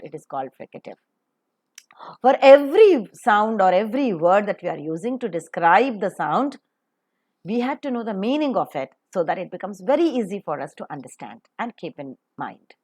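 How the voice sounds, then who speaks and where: A woman teaching a phonetics lesson, spelling words out letter by letter and repeating them slowly and deliberately. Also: mid-range voice, sing-song, darkish tone. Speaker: English pronunciation teacher.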